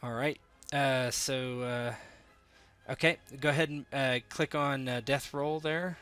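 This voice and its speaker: A man's voice: mid-range voice, fairly even intonation, a little slow, a bit bright, clean tone, faint music behind. A man running a tabletop game as game master, explaining rules and thinking aloud with many fillers.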